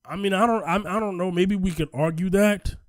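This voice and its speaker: A man hosting a casual podcast discussion, animated and emphatic, often repeating himself for effect. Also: high voice, brisk, dry recording, clean studio sound. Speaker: podcast host.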